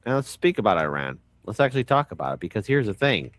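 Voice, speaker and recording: A man hosting a live reaction stream, talking in a rambling, animated way with frequent restarts. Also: on the low side, quick pace, no echo. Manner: rambling, animated, repeats words.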